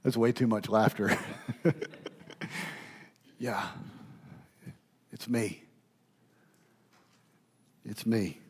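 A man preaching a sermon emphatically, rising loud and dropping to a hush. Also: fairly low pitch, very slow, pauses often, slightly rough. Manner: emphatic, swings from loud to hushed. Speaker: pastor.

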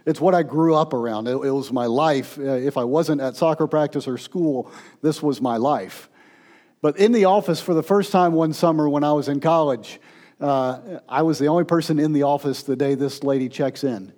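A man, a pastor, telling stories in a sermon, turning from playful to hushed and tender. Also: on the high side, normal speed.

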